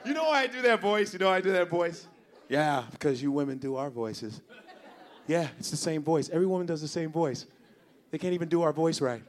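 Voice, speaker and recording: A man's voice: on the high side, a little fast. Profane, exasperated male stand-up comic. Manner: profane, exasperated, addresses the audience. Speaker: stand-up comedian. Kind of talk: stand-up routine. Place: comedy club stage.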